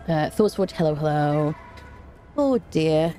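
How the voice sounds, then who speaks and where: A woman's voice: sits low, moderate pace, warm tone, slight background noise. A woman chatting casually on a gaming live stream, greeting viewers by name and making dry, self-mocking jokes. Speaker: game streamer.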